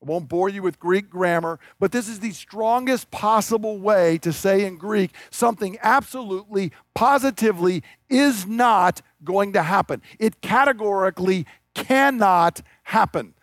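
Male pastor, high voice, dry close sound, conversational sermon with emphatic peaks. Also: moderate pace, hardly any pauses, no room sound. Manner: conversational preaching, rising to emphatic declarations.

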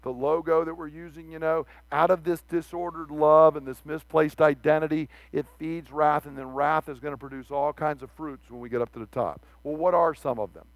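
A man preaching a sermon, animated, acting out the quoted speech of the figures he reads about. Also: fairly high pitch, brisk, few pauses, no echo.

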